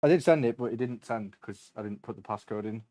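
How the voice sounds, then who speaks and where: Laid-back streamer, dry sound. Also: male voice, medium pitch, brisk, dark tone, dry recording. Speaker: sim racing streamer. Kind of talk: casual chat.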